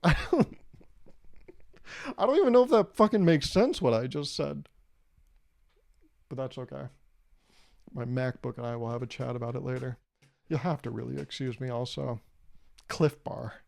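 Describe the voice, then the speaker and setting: A man's voice: on the high side, vocal fry, dark tone, dry recording, studio quality. A young man hosting his own podcast, rambling through a casual, profane and jokey monologue. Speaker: podcast host.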